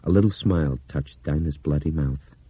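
A man reading a novel aloud in steady, measured narration that drops to a hush at times. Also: very deep voice, slightly rough, no echo. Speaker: audiobook narrator. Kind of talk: scripted narration.

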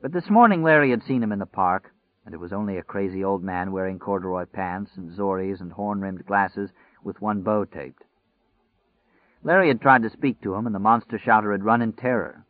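Low-voiced man reading an audiobook. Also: no echo. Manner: measured, deliberate reading. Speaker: audiobook narrator. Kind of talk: scripted audiobook narration. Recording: dry, phone-like narrow sound.

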